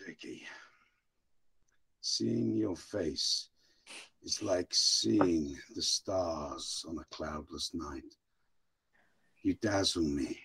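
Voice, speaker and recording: A man voicing a hushed, swooning English gentleman in a put-on English accent, with slow, breathy, poetic flattery. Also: sits low, voice pushed down, heavily acted. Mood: adoring.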